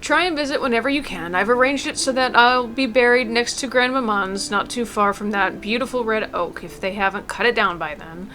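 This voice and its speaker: A woman reading aloud as an elderly mother, gentle and tender, with small stumbles. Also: a little high, brisk, few pauses. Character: elderly mother writing a farewell letter. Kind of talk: reading a game letter aloud.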